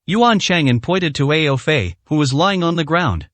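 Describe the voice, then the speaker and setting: A man narrating a story in an audiobook with expressive delivery. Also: on the high side, measured pace, few pauses, no echo. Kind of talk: scripted narration.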